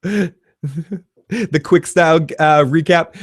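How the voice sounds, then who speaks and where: A man's voice: fairly high pitch, normal speed, no room sound, studio quality. A man hosting a casual livestream TV recap, talking in a profane, rambling way and laughing often. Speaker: TV recap host.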